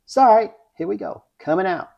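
A man vlogging his craps practice, talking viewers through each throw with excitement. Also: sits high, a little fast, creaky, dull audio. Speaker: dice-control craps vlogger. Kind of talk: casual play-by-play while throwing dice.

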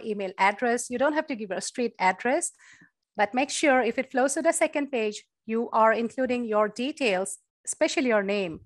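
A woman's voice: fairly high pitch, no room sound. Woman lecturing in a dry room. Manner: explanatory, many fillers like uh and you know. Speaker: assistant professor giving an admissions workshop. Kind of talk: online presentation. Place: virtual talk from home or office. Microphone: computer mic on video call.

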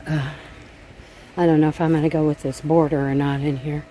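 A woman's voice: sits low, little pitch movement, brisk, dark tone, a little hiss or hum. Blunt, profane woman venting in her garden. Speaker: vlogger. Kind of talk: casual gardening vlog. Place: outdoors in a backyard garden. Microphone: handheld phone camera.

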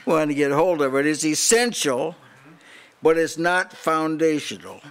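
An older man preaches in a house church meeting, pressing his points hard and challenging his listeners. His voice sits a little high for a man, and he often breaks off and restarts his sentences as he drives home each point. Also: lively intonation, a little slow, gravelly, clean tone. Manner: emphatic, challenging, with frequent restarts. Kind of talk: sermon.

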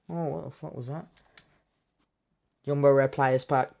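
A man, reacting live as he opens card packs in a game, swearing often and breaking into loud cheers. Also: medium pitch, unhurried, vocal fry, pauses often. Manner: excitable, heavy swearing, bursts into loud cheers. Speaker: gamer opening card packs.

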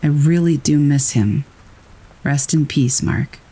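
Man narrating over steady rain. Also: fairly high pitch, slow pace, slightly rough. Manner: calm, steady storytelling. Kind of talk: scripted narration of scary stories.

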